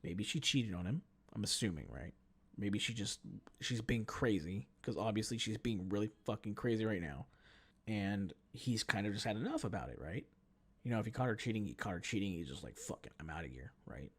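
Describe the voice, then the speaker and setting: A man spins a story in a casual, profane rant. His voice is gravelly with lively, swooping pitch and a self-mocking edge. He sounds like he is talking to friends. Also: fairly quick. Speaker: podcast host.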